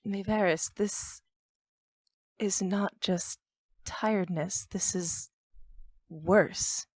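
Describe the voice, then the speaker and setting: A woman player in a tabletop game, speaking slowly and deliberately. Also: mid-range voice, fairly even intonation, darkish tone, no room sound.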